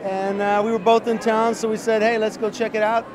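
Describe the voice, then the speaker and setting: Rambling high-voiced man in crowd. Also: brisk, poor audio. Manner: rambling, relaxed, many fillers. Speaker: interviewee, musician. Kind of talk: casual interview. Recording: crowd noise behind.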